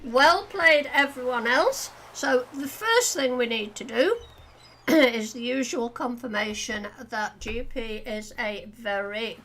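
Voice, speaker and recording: A woman's voice: fairly high pitch, pushed and bright, a little hiss or hum, rough recording. A woman co-hosting a casual game livestream, chatting and thinking aloud as she addresses viewers. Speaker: livestream co-host.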